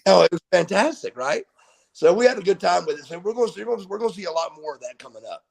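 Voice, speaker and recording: Gravelly, husky man telling stories. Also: high-pitched, rapid-fire. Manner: animated storyteller, swears freely. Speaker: guest. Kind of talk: casual storytelling interview. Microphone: video call.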